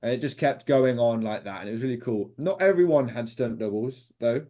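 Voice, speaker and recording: A man's voice: medium pitch, fairly quick, warm tone. A young British man talking as an interview guest, telling set stories with lots of fillers. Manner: enthusiastic, rambling, lots of fillers and quoted voices. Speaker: interview guest, former extra. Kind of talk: casual interview storytelling.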